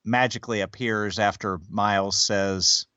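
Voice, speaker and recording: A man's voice: fairly low pitch, fairly even intonation, unhurried, sharp tone, clear, resonant tone, dry recording, dull audio. A man co-hosting a podcast, recapping an episode with wry, self-deprecating humor. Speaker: podcast co-host. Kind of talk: casual chat.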